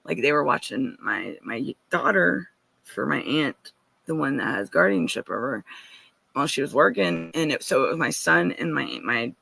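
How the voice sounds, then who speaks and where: A woman's voice: very deep voice, expressive, normal speed, creaky, sharp tone, husky, no echo. A woman giving an earnest, rambling personal account as a guest, often restarting and turning to ask listeners directly.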